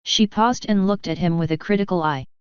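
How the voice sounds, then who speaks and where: A woman reading a fanfiction story aloud in a steady, even narrating voice. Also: on the low side, a little fast, smooth, no echo, lo-fi sound. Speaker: fanfiction reader. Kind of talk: audiobook narration.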